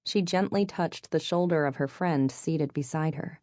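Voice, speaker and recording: Woman, audiobook narrator, low voice, measured delivery, dry close recording. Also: a little mellow, dry recording. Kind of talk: scripted narration.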